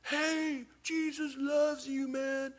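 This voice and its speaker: A drunk man at a street parade drawls his words out slowly and sloppily, as a preacher acts him out. The voice rides high, and he calls out loudly from off to the side. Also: heavily acted. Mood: calling out loudly. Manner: slow, drawn-out, dopey delivery. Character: drunk male partygoer at a parade.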